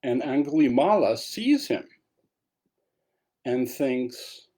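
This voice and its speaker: A man's voice: lowish voice, measured pace, pauses often, dark tone, husky. A man giving a dharma talk as a meditation teacher, telling a story in a casual way with asides.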